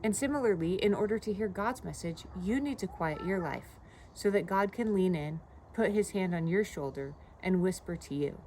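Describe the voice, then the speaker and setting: A woman's voice: fairly low pitch, expressive, normal speed, a little mellow, a little hiss or hum. A woman in her thirties, a pastor giving a devotional video talk in a conversational, personal storytelling way. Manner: conversational, personal storytelling with frequent "you know".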